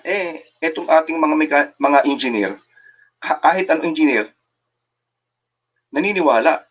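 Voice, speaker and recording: A man's voice: a little high, a bit bright, lo-fi sound. An older man with a Filipino accent, a guest engineer on a talk show, lecturing indignantly and mixing English with Tagalog. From Philippines. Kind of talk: emphatic radio talk show interview.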